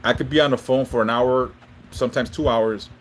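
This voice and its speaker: A man's voice: mid-range voice, fairly even intonation, fairly quick, a little hiss or hum. A man hosting a casual livestream, rambling with lots of restarts and swearing freely as he chats with viewers and gives spiritual readings. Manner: rambling, profane, frequent restarts. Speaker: livestream host and spiritual reader.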